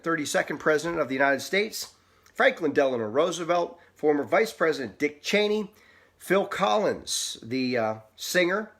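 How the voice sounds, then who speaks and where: A man presenting a casual weather forecast with a sponsor spot, talking in a relaxed, folksy way and wandering into small asides. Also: medium pitch.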